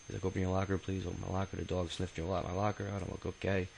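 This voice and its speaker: A man with a very low, gravelly voice tells his own life story like a loose, unscripted chat. He rambles, curses casually, and keeps stumbling over fillers and restarts. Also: level tone, racing, a little mellow, slight background noise, poor audio. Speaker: autobiography narrator. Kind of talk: casual spoken memoir.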